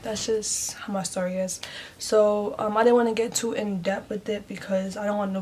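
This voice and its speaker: A woman's voice: medium pitch, level tone, moderate pace, a little mellow. Chatty woman telling a personal storytime. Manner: chatty, heavy use of "like", addresses viewers as "y'all"; emotional, speaks openly and earnestly. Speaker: vlogger telling her story. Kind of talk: casual storytime vlog.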